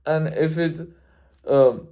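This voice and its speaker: Young guy tutoring, slow and mellow, spells stuff out letter by letter. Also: a little high, clean tone. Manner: methodical, spelling out letters and endings. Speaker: Spanish tutor. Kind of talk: exam review lesson.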